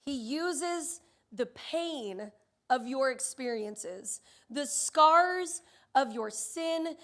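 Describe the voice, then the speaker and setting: Female pastor, 30s, high-pitched voice, animated sermon delivery that acts out characters. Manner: animated storytelling, acting out voices.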